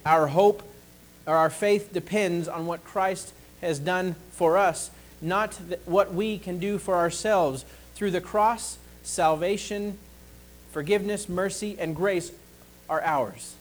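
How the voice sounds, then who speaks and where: A man preaching a sermon, slow and deliberate, pausing to ask the congregation for an amen. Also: sits high, fairly even intonation, rough recording.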